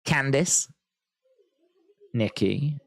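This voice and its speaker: A man hosting a live watch-along stream, chatting, reading viewer comments aloud and thinking out loud with many restarts. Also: medium pitch, very slow, creaky, no room sound. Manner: rambling, thinking aloud, reads chat comments. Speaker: wrestling watch-along host. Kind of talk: live-stream reaction chat.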